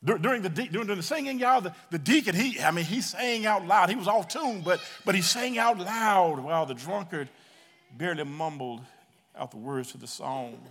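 A man preaching a story sermon in a church, animated and talking straight to the congregation, often repeating his words. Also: high-pitched, moderate pace, in a large hall.

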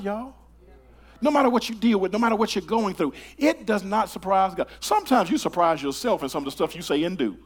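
An older man preaching a sermon in a church, talking to the congregation in a conversational way, with stammered repeated starts that swing from hushed to loud. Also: high voice, sing-song, fast talker. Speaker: pastor. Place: church sanctuary.

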